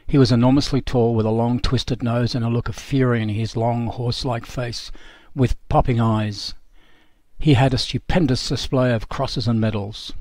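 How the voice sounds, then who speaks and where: A man narrating a historical documentary, reading a first-person memoir in a measured, sober way. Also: mid-range voice, a little mellow, no room sound.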